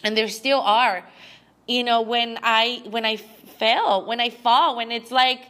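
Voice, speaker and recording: A young woman talks to her listeners in a halting, emotional monologue, restarting her sentences as tears come close. Her voice is bright and sits a little high. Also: fairly even intonation. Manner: halting, with frequent restarts and fillers. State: teary. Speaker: podcast host.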